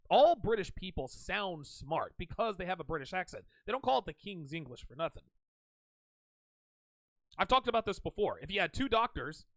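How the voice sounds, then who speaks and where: A man's voice: high-pitched, gravelly, a bit bright, no room sound. A man hosting a reaction commentary show, talking back at a clip in a mocking tone.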